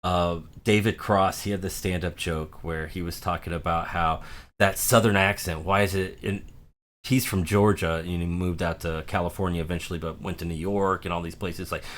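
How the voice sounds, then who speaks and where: Low-voiced male podcast co-host, easygoing and chatty with frequent laughs. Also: steady tone, fairly bright tone. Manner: laughing, enthusiastic, does quick mock voices. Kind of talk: casual chat.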